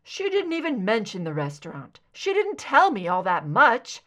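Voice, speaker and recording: A woman's voice: a little high, huge pitch swings, moderate pace, fairly bright tone. A woman reading aloud, voicing a worried and protective adult man who speaks earnestly.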